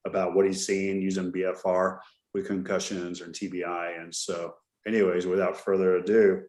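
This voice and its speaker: A middle-aged man hosts a podcast in a casual, jokey storytelling way. His voice sits somewhat low. The sound carries a roomy echo around it. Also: flat delivery, moderate pace, a little mellow. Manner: chatty storyteller, jokey and loose. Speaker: podcast host. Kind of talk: casual chat.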